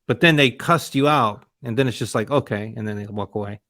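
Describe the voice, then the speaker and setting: A man talks quickly in a relaxed podcast chat, pitching in with questions and his own examples. His voice sits in a middle pitch and sounds close and dry. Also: no echo. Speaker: podcast guest. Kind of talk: casual chat.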